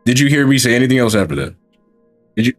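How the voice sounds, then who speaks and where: A man's voice: mid-range voice, very animated, fast talker, faint music behind. A male streamer in casual chat, emphatic and profane, hammering his point with repeated rhetorical questions. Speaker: streamer and host.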